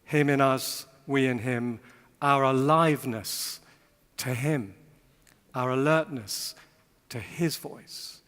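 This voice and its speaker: A man's voice: mid-range voice, slow, long pauses, fairly bright tone, clear, resonant tone. A man giving a witty, rhythmic sermon talk to a live audience, repeating phrases for emphasis. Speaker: speaker giving a Bible talk. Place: large hall with long reverb. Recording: voice echoing in a large hall.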